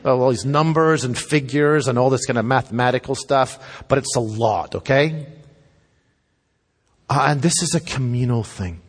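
A man's voice: mid-range voice, slightly rough. Man, pastor, emphatic sermon, repeats lines, church hall echo. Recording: long hall reverb.

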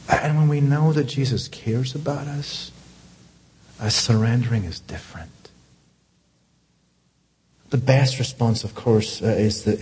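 A man pastor preaching a sermon, animated, climbing to loud high peaks and dropping to hushed asides. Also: slightly rough. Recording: long hall reverb.

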